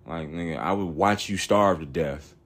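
A man's voice: sits low, normal speed, a bit bright. A man in his thirties hosting a podcast, telling a long story in a rambling, blunt and profane way, full of fillers. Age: 30s. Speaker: podcast host.

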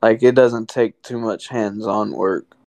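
A laid-back young co-host who rambles through a casual chat with plenty of swearing. His voice is gravelly with a lot of fry, and it sounds dry and close to the mic. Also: fairly low pitch, steady tone, measured pace, a little mellow, dry recording. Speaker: podcast co-host.

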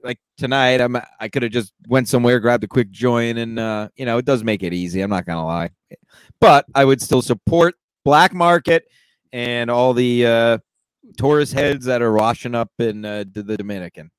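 A man's voice: mid-range voice, normal speed, clear, resonant tone, dry recording. A man hosting a podcast in crude casual banter, joking and self-deprecating. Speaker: podcast host.

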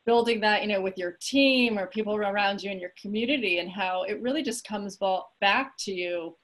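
A woman's voice: medium pitch, normal speed, a bit bright. A woman host reflecting thoughtfully in casual conversation. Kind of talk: casual chat.

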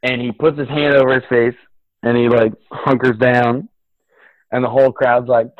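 A man's voice: mid-range voice, level tone, normal speed, dry recording. A man in casual comedic podcast chat, swearing freely, laughing often and acting out what people said. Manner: profane, laughing, acts out crowd voices. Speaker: podcast co-host. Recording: tinny phone-like line.

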